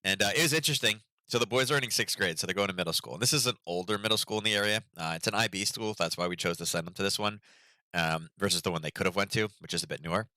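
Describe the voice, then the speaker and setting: Middle-aged male host, casual rambling chat, deep and piercingly bright, dry close sound. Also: rapid-fire, no room sound. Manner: rambling, chatty storytelling with many fillers. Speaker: market analysis host.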